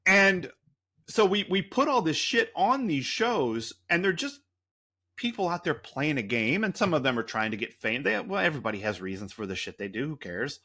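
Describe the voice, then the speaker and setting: A man's voice: a little high, big pitch swings, normal speed, pushed and bright. A man co-hosting a podcast, rambling through a story in a loose, profane, casual way. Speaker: podcast co-host.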